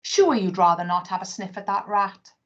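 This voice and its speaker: A woman's voice: mid-range voice, big pitch swings, measured pace, breathy edge, exaggerated voice. A woman voicing a chatty, friendly male dog who talks heartily and takes offence easily in a storybook reading. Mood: disgusted. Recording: dull lo-fi recording.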